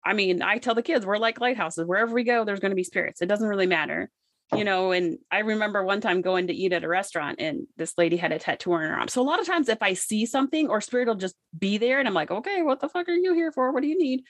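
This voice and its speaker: A woman's voice: medium pitch, fast talker, no room sound. A woman who is an intuitive medium, talking casually and chattily, full of "like" and the odd curse. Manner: chatty, peppers speech with "like" and swearing. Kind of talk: casual conversation.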